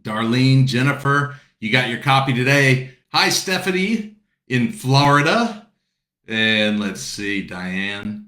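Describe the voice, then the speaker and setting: A man's voice: medium pitch, big pitch swings, slow, bright, forceful tone, roomy sound. A man from South Carolina hosting a casual book launch video call, greeting viewers by name and chatting in a rambling, friendly way. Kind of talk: casual chat.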